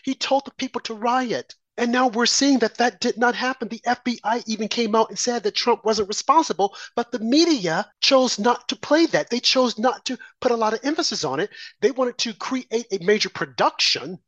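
A man's voice: high-pitched, fairly bright tone, dry recording. Impassioned male political talk host. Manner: impassioned, rhetorical questions, mocking quoted voices. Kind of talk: political commentary monologue.

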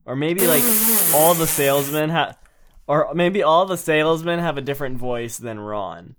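A man co-hosting a podcast in casual chat, playful and quick to laugh. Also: on the high side. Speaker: podcast co-host.

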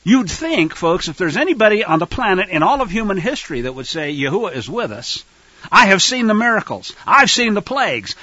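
A man teaching scripture to a fellowship, animated and acting out quoted lines. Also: high-pitched, normal speed, breathy edge, no room sound, dull audio.

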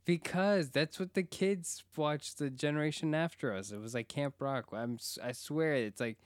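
A young man talks through a show recap in an easy, rambling way, full of fillers and bursts of enthusiasm. His voice is smooth and resonant. The sound is close and dry, with no room around it. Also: fairly high pitch, moderate pace, dry recording. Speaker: podcast co-host. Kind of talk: casual TV recap chat.

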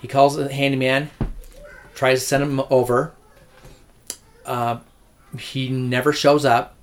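A real estate agent casually recounting a deal with a client, rambling with restarts and acting out quotes. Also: male voice, medium pitch, little pitch movement, slow pace, slight background noise. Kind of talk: casual storytelling.

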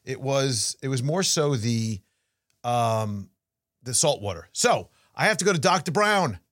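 A middle-aged man co-hosts a podcast and tells stories in an animated, casual way, often restarting his sentences. His pitch swings widely, and the close sound is dry. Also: measured pace, no room sound. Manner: animated storytelling with frequent restarts. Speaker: podcast co-host. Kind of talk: casual chat.

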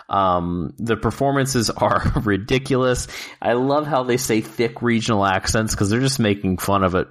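A man co-hosting a casual podcast, excitable, swearing freely and laughing often. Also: lowish voice. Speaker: podcast co-host reviewing films. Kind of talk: casual chat.

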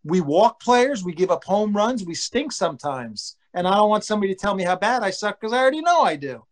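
A middle-aged man, a former pro pitcher and father, rambling through animated baseball stories in casual chat. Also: fairly quick. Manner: rambling, animated storyteller who acts out quotes.

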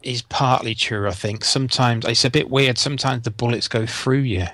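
A man's voice: mid-range voice, fairly even intonation, fairly bright tone, dry recording. A man co-hosting a podcast, adding game tips and teasing his partner in casual chat. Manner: adds quick corrections and game tips, teasing his co-host. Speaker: podcast co-host.

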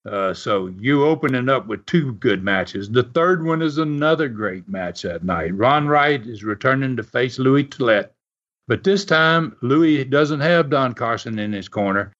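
Medium in pitch and fairly bright, this man's animated voice moves a little slowly. He's a podcast co-host rambling casually through wrestling stories with many fillers and restarts, recorded in dull lo-fi.

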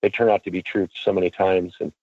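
Husky-voiced auctioneer telling stories by phone. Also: male voice, sits low, fast, no echo, narrow, tinny audio. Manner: animated storyteller, acts out quotes; casual, swears freely. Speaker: auctioneer guest. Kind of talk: storytelling interview.

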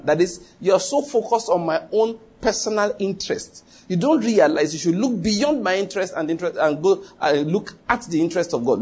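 A man's voice: on the high side, a little mellow, slightly rough. A man preaching a sermon as pastor, emphatic and repetitive, often quizzing the congregation with rhetorical questions.

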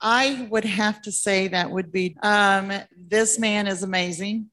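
Sincere woman speaking in an even tone. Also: mid-range voice, unhurried. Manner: heartfelt and sincere. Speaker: administrator of a senior home. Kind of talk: panel interview.

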